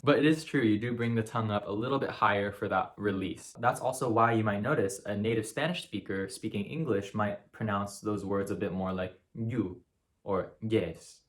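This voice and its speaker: Upbeat young man teaching. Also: lowish voice. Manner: friendly, upbeat, encouraging, models sounds slowly. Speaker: language teacher. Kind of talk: casual spoken lesson.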